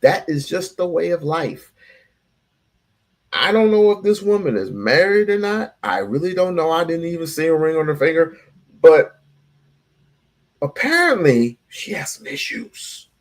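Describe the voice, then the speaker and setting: A man's voice: fairly high pitch, sing-song, measured pace, pauses often. A man hosting a casual reaction show, blunt, profane and sarcastic. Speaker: show host.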